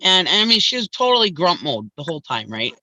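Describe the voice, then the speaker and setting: Bright-voiced woman telling a story. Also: lowish voice, fairly quick, no room sound, low-quality recording. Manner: animated storytelling, acting out dialogue; blunt, swears casually. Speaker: show host. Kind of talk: casual livestream chat.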